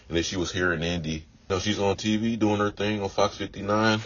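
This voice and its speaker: Super deep voiced guy just rambling on, lots of "you know", kinda muffled lo-fi audio. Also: flat delivery, fairly quick. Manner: meandering, repeats himself, many "you know" fillers. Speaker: vlogger. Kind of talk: casual rambling monologue. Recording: dull lo-fi audio with faint noise.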